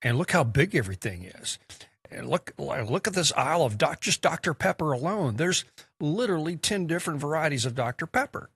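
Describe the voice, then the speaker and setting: An awed, gushing tourist, pitched well above the speaker's usual voice, as a male talk host puts him on. The voice is husky and excitable, with a bouncy lilt. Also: brisk, no room sound, exaggerated voice. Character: awed, gushing foreign tourist visiting America.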